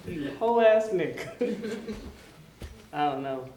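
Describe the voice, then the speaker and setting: A woman hosting a stand-up comedy show in a club, brash and loud on her punchlines. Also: a little high, animated, measured pace, long pauses, recorded from a distance. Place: comedy club with live audience. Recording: roomy club sound, mic heard from afar, crowd laughter.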